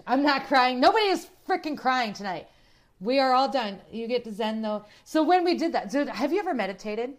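A young woman hosts a casual livestream, chatting in a slightly high voice. She talks in an animated, blunt way and swears freely. She breaks off to read a horoscope aloud. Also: normal speed. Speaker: livestream host.

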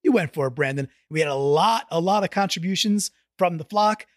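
A high-pitched man co-hosts a casual football podcast, jumping between jokes and excitement and tripping over his own words. The sound is close and dry, with no room around it. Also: fairly quick, dry recording. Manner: excitable, jokey, many restarts. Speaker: podcast co-host. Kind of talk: casual sports podcast chat.

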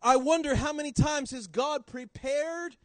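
A man preaching a sermon in church, swinging between loud emphasis and quiet low drops. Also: a little slow, no room sound, low-quality recording.

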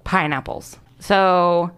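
A young woman casually telling a story on a podcast, animated, swearing and laughing often. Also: fairly low pitch, takes it slowly, clean tone. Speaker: podcast host presenting research. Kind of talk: casual chat.

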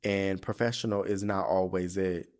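A man's voice: deep voice, moderate pace. Man venting, casual and profane. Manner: animated, profane, rhetorical questions. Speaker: podcast host. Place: home studio.

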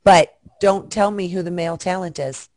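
A woman's voice: lowish voice, moderate pace, darkish tone, no room sound. A woman guest chatting frankly and bawdily on a video call, joking as she goes. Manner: frank, bawdy, jokey. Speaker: guest performer. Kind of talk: casual chat.

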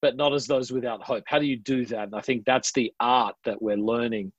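A man's voice: mid-range voice, fairly even intonation, a little fast, breathy edge, no room sound. Australian man, earnest pastor, dull audio. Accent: Adelaide Australian. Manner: earnest, reflective, casual with slang. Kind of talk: podcast interview conversation.

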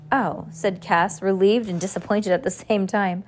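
A woman reads a novel aloud, as a teacher would to her class. Her narration is expressive and unhurried, and she slips into voices for the characters. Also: medium pitch.

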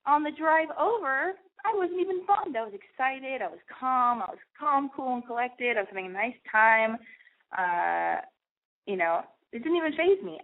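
A young woman talks straight to her listeners in a loose, rambling confession, swearing freely and poking fun at herself. She breaks into bursts of animated voices when she replays her own past thoughts. The sound is narrow and tinny, like a phone line. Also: a little high. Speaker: radio show host. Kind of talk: candid personal monologue. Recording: tinny phone-like radio audio.

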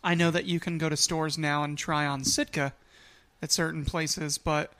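A man co-hosting a podcast in relaxed, joking casual chat. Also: a little high, moderate pace. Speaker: podcast co-host.

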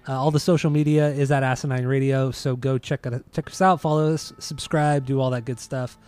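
A man's voice: mid-range voice, fairly even intonation, brisk, a little mellow, clear, resonant tone. Dry teasing podcast host man. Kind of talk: casual podcast banter. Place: at home.

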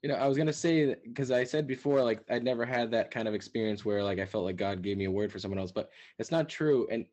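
Soft-spoken man hosting a podcast. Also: mid-range voice, quick pace, hardly any pauses. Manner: soft-spoken, brief affirming interjections. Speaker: podcast host. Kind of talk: casual conversation.

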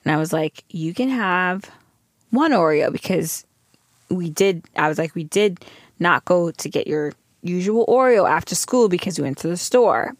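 A woman's voice: lowish voice, no echo, clean studio sound. A pregnant young woman co-hosting a podcast, telling a story in casual chat and acting out her toddler's lines. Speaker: podcast co-host.

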